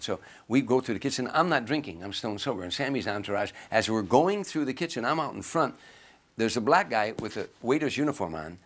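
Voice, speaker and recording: A man casually telling a story, acting out the quoted lines as he goes. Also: lowish voice. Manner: animated storyteller who acts out quoted lines.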